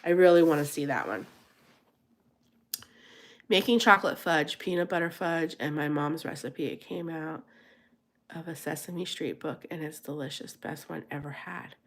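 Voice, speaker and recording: A woman's voice: sits low, fairly even intonation, normal speed. A woman from Pennsylvania hosting a casual live chat, reading and answering viewer comments and laughing often. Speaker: live stream host.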